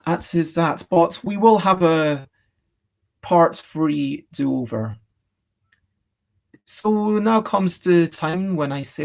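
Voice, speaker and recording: A woman's voice: fairly low pitch, animated, takes it slowly, gravelly, long pauses, a little mellow. A woman, chatting in a cheerful, rambling way with her live stream audience. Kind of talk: casual chat to a live stream chat.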